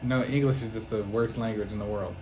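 A young man co-hosting a casual podcast, teasing his friend with quick reactions and jokes. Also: on the low side, fairly even intonation. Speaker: podcast co-host. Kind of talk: casual chat.

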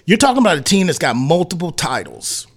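A man on sports talk radio, voice sitting a touch high, who rants hot and loose with slang. He rambles from point to point and keeps slipping into mock voices of other people. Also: big pitch swings, a little fast, slightly rough. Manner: heated, rambling, slangy rants full of acted asides.

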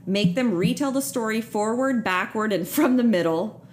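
A young woman hosting a podcast in casual chat, animated and profane, laughing often. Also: on the high side, normal speed, a little hiss or hum. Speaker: podcast host.

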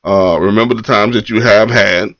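A man's voice: lowish voice, steady tone, normal speed, fairly bright tone, dry recording. A man hosting a morning poetry live stream, chatting casually and loosely with slang, greeting viewers and reading their comments. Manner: laid-back, loose slang, repeats phrases. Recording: dull lo-fi live stream audio.

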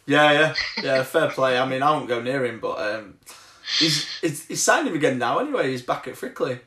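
A man's voice: medium pitch, lively intonation, normal speed, pushed and bright. An English man hosting a podcast, chatting bluntly about football with plenty of swearing and laughter. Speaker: podcast host. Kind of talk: casual chat. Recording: echoey room.

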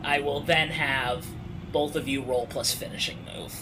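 A man narrating as game master of a tabletop game, describing scenes slowly and laughing often. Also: fairly high pitch, fairly even intonation, creaky, background noise.

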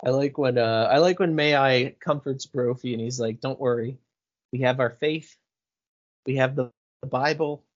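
A man's voice: mid-range voice, normal speed. A man co-hosting a podcast, chatting casually about a comedy film, swearing freely and searching aloud for lines. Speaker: podcast co-host. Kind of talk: casual movie recap chat. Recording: dull lo-fi sound.

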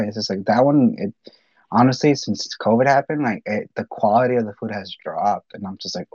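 Man in casual chat, lowish voice, rambling with lots of fillers, dull lo-fi dry sound. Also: brisk, a little mellow, breathy edge, dry recording. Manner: rambling storyteller, swears a lot, many fillers.

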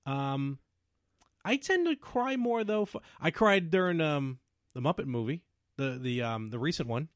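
A man co-hosting a casual podcast chat, asking questions, laughing easily and throwing in quick asides. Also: on the high side, animated, dry recording, studio quality. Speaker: podcast co-host.

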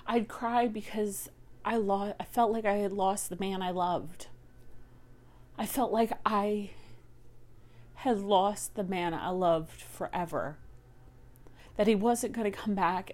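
A woman's voice: medium pitch, a little mellow. A woman sharing a raw, emotional personal monologue about living with a partner's addiction. She talks intimately, sometimes whispering and sometimes rising in anguish, and swears freely. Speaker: partner of a recovering alcoholic.

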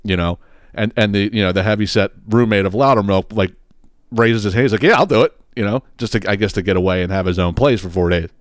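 Low-voiced man telling a rambling story. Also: fairly even intonation, quick pace, dry recording, clean studio sound. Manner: rambling, profane, laughs often, acts out scenes. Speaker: podcast host. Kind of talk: casual storytelling monologue.

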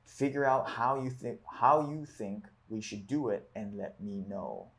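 Low-voiced man leading a book discussion. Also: measured pace, fairly bright tone. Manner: reads passages aloud, then reflects with fillers. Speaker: discussion leader.

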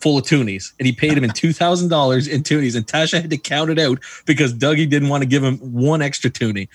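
A man's voice: fairly high pitch, fast, husky, dry recording. A man co-hosting a podcast, telling a home story in casual chat and laughing through it. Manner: animated, laughs through his stories. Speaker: podcast co-host.

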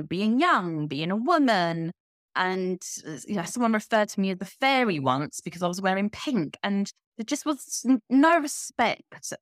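A woman's voice: mid-range voice, no room sound, clean studio sound. A woman in her thirties, a coaching guest talking candidly and energetically in a casual podcast conversation. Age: 30s. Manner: candid, energetic, laughs easily.

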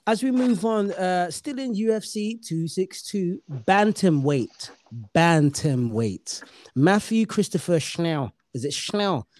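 A man's voice: sits high, lively intonation, slow pace, a little mellow, no room sound. A man hosting a casual podcast chat, bantering and swearing freely. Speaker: podcast host.

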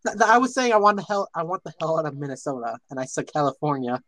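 High-voiced young man rambling on a call. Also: very animated, fast, sharp tone, no room sound. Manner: stumbling, rambling, laughing often. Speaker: podcast co-host. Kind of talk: casual chat. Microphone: online voice call.

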